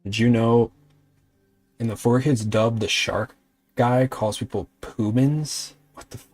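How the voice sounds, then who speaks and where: A man's voice: mid-range voice, steady tone, a little slow, a little mellow, no echo, soft background music. A man streaming a modded game, grumbling at it and talking back to his chat, swearing now and then. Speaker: VTuber streamer. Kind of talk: casual gaming livestream chat.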